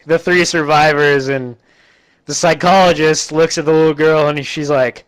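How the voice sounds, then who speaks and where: A man casually recapping a terrible movie for laughs, animated and laughing often as he acts out lines. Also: a little high, normal speed, smooth, rough recording. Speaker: movie reviewer.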